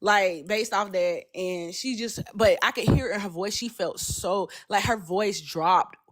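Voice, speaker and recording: Woman guest, passionate casual storyteller, acts out both voices, mid pitch. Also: a little slow. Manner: animated, acts out both sides of a conversation; passionate and loud by her own account.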